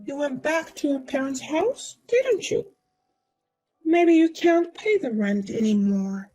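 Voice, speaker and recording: A woman's voice: high voice, lively intonation, slow pace, mellow, rough recording. A woman voicing a smug, boastful young woman who taunts and mocks in a sing-song way. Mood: smug taunting. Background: faint music.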